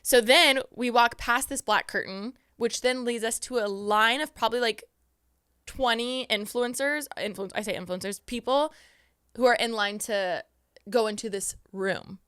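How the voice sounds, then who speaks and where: A young woman hosting a podcast, telling a story in a casual, excitable way and acting out her own reactions. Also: a little high, moderate pace, clear, resonant tone, no echo, clean studio sound. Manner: excitable, animated quoting of herself. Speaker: podcast host.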